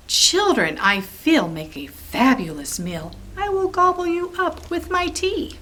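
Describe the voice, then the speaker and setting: Grumbly hungry giant guy from a storybook, read out by a woman, bouncy sing-song rhymes, drawn-out slow lines. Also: high-pitched, sing-song, bright, forceful tone, a little hiss or hum, pitched above the performer's own voice, full character voice. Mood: grumbly, greedy. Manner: rhyming, playful storybook delivery. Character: grumpy hungry male giant, growly and greedy.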